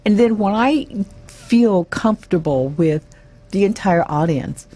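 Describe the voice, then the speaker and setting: A middle-aged woman coaching an audience in an emphatic, motivational way, often hammering a point by saying it three times. Her voice is slightly husky, and her pitch rises and falls with lively swings. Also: a little slow. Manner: emphatic, repeats key words in threes. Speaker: presentation coach.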